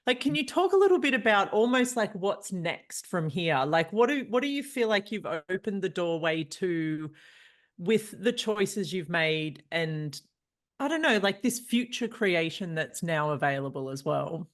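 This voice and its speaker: A woman's voice: fairly low pitch, sing-song, a little slow. A woman interviewing over a video call, asking long questions filled with "like" and "you know".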